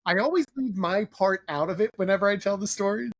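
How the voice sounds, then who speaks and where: A man's voice: high voice, fairly quick. A young man hosting a podcast, chatting casually with a guest. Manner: casual, conversational, some fillers. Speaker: podcast host. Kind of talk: podcast interview.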